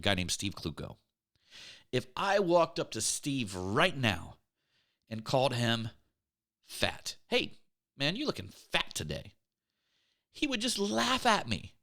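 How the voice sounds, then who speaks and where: A man's voice: mid-range voice, wildly swooping pitch, normal speed, pushed and bright. A man giving a motivational faith talk on relationships, emphatic and repetitive, often calling his listeners his friends. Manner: emphatic, repeats words, addresses listeners as friends. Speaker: relationship speaker.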